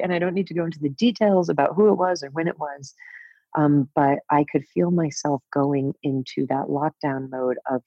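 A woman in her fifties, a podcast guest telling a personal story candidly, with a breathy voice, laughing often and swearing casually. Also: deep voice, mellow, no echo. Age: 50s. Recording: dull, dry podcast audio.

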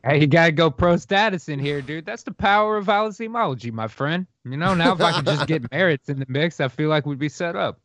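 A man's voice: on the high side, fairly quick, hardly any pauses, a bit bright, no room sound. A man guesting on a podcast, bantering with crude, provocative jokes. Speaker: show guest. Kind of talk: casual chat.

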